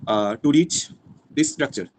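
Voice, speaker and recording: A man's voice: mid-range voice, measured pace, a little hiss or hum. A young man with an Indian accent asking quiz questions, insistent and repeating himself.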